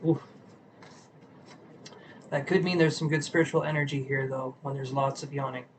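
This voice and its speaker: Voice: mid-range voice, fairly even intonation, normal speed, background noise. A tarot reader chatting casually on a live stream while shuffling cards, sleepy and yawning, greeting viewers and a pet.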